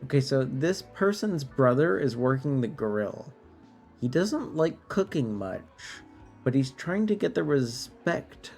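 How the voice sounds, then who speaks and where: A man chats through a late-night game stream, sleepy and a bit tipsy, with a slow, drawling delivery. His voice has a gravelly fry as he trips over words and pokes fun at himself. Faint game music plays under his talk. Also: mid-range voice, sing-song, darkish tone. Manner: drawling, self-deprecating, stumbling over words. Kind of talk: casual live-stream commentary, translating French game text.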